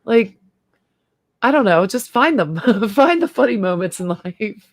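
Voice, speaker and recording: A woman's voice: mid-range voice, expressive, measured pace, dry recording. A middle-aged woman hosting a casual livestream chat, talking freely and laughing often. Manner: chatty, laughs often, trails off and restarts. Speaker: host.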